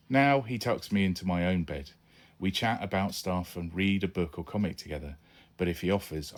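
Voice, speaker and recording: A man reading his own children's adventure book aloud, narrating chattily in the first person as a young boy. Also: sits low.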